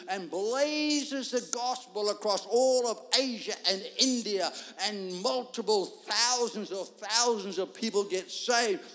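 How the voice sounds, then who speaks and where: A man preaching a sermon, telling a story in an animated way and acting out the voices of people in it. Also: high-pitched, takes it slowly, few pauses. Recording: long hall reverb.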